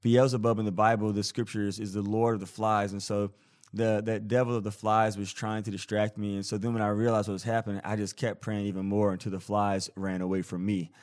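A man's voice: lowish voice, fairly quick. A man hosting a podcast, telling a story in a casual, playful, jokey way and acting out the scenes as he goes. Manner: animated, playful storyteller who acts out scenes; jokey, self-deprecating. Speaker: podcast host.

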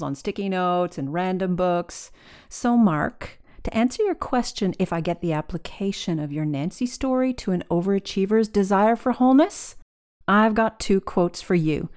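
A woman's voice: on the low side, darkish tone. A woman hosting a podcast who talks in an emphatic, enthusiastic way. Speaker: podcast host. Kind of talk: podcast commentary.

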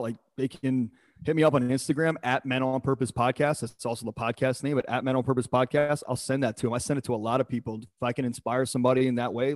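A man on a podcast, talking in an emphatic, motivational way with blunt and sometimes coarse words. His voice sits at a middle pitch, and the recording is dry and close, with no room sound around him. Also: no room sound. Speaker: podcast guest, performance coach. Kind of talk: casual podcast conversation.

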